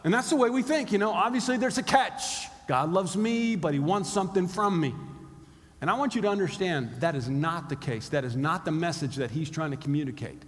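Guy preaching a sermon, bit high voice, chatty, acts out what people think, big echoey hall. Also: expressive, fairly quick. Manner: conversational, acts out inner voices. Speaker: pastor. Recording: long hall reverb.

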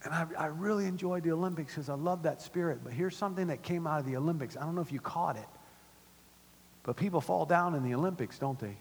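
A middle-aged man preaching from a stage in a church auditorium, his fairly high, slightly husky voice carrying a long reverb through the big room. He swings between animated emphasis and quiet, intimate asides. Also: quick pace. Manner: animated preaching, drops to soft asides, repeats words. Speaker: pastor. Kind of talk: sermon. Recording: long reverb of a large hall.

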